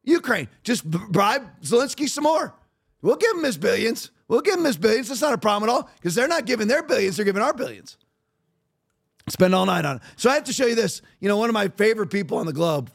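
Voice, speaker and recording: A man's voice: sits high, gravelly. A man hosting a podcast, delivering heated, sarcastic political commentary and hammering the same points over and over. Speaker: podcast host.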